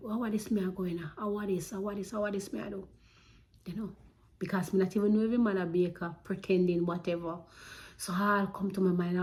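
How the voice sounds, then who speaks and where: A woman's voice: fairly low pitch, warm tone. A woman with a Jamaican accent earnestly recounting a personal story, with emotion and Patois-flavoured speech.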